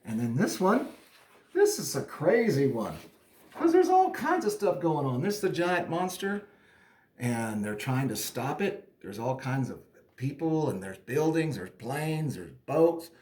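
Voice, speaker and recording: A man teaching an art class to young children, with a fairly high voice that swings widely in pitch. He tells his story in a playful, animated way and talks kindly to the kids. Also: a little slow, reverberant. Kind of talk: online art lesson with storytelling.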